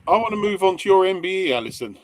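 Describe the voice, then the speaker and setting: A man's voice: high-pitched, expressive, fast, a crowd in the background. A man hosting an interview podcast, asking questions in a friendly, encouraging way. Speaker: podcast host. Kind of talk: interview conversation. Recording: noisy background hiss.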